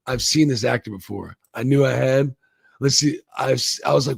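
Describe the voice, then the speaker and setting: A man's voice: medium pitch, normal speed, gravelly, slightly rough, dry recording. A man hosting a casual, rambling and profane review of a TV episode. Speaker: show reviewer, channel host.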